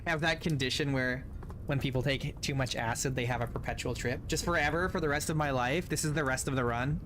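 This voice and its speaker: A man giving jokey, wry let's play commentary, sometimes bursting into loud laughing yelps and coughing now and then. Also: mid-range voice, fairly quick, noisy background. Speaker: gaming YouTuber.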